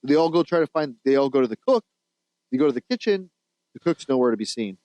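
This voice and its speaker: A man's voice: medium pitch, very animated, fast, warm tone, no echo, lo-fi sound. A man co-hosting a podcast, casually retelling a movie plot in a rambling, laughing way, with restarts and the odd swear. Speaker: podcast co-host.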